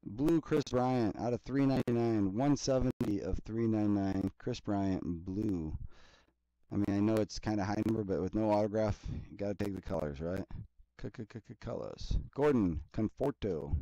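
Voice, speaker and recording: Low, mellow-voiced man reading off card pulls. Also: normal speed, dry recording, poor audio. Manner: rattles off player names in a steady list, with chatty asides. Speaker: card break host. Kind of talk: casual running commentary while opening card packs.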